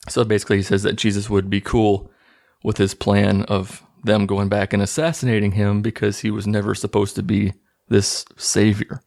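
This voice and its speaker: A man's voice: fairly low pitch, level tone, moderate pace, gravelly, darkish tone. A man casually recapping a movie plot in a mocking, incredulous tone.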